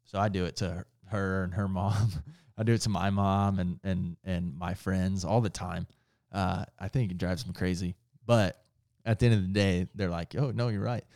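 A man's voice: low voice, flat delivery, moderate pace, darkish tone, no room sound, studio quality. A man co-hosting a casual faith talk, speaking earnestly and often stopping to restart and correct his own words. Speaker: podcast co-host.

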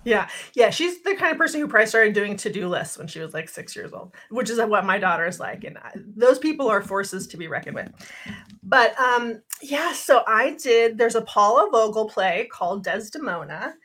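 Bright-voiced laughing woman podcaster. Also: fairly high pitch, moderate pace. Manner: animated, laughs often, rambling restarts. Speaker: podcast co-host. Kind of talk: casual chat.

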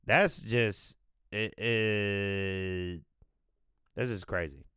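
Man, casual rambling commentary, unhurried delivery, smooth resonant tone, profane and loose. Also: on the low side, pushed and bright, dry recording, clean studio sound. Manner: loose, profane, thinking aloud. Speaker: podcast host.

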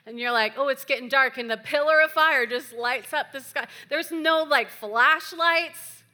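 A woman's voice: high voice, measured pace, pushed and bright. A woman pastor preaching a sermon in a chatty, playful way with joking asides. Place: church.

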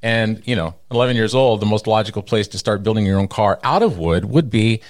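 A brisk middle-aged Texan man, a radio personality, tells stories as a guest in an interview. He's an animated storyteller who acts out the people he quotes with big jumps in pitch.

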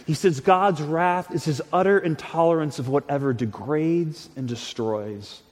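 A man's voice: medium pitch, normal speed, few pauses, darkish tone. Guy preaching a sermon, kinda conversational, trips over words and restarts, echo from a big hall. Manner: earnest, conversational, with frequent restarts and repeated words. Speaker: pastor. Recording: long hall reverb.

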